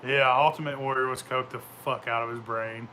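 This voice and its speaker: A man's voice: mid-range voice, fairly even intonation, fairly quick, bright, forceful tone, a little hiss or hum. A man hosting a show, telling rambling stories in a profane, boisterous way and laughing often. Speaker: show host. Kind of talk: casual rambling storytelling.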